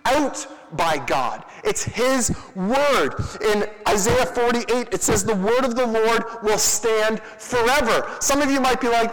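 A young man giving a youth sermon in an energetic, conversational way, with quick asides to the crowd. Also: very high-pitched, in a large hall, poor audio. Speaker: youth pastor.

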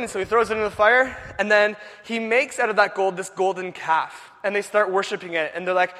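A young man preaching a sermon, telling the story in a casual, animated way with many filler words. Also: sits high, brisk, few pauses. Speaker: youth pastor. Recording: long echo of a large hall.

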